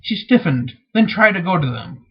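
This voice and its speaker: A man reads a fantasy novel aloud, tripping over words and starting sentences again. His voice is husky, fairly high and lively in pitch. The recording is dull and lo-fi. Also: normal speed. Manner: stumbles and restarts often. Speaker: reader.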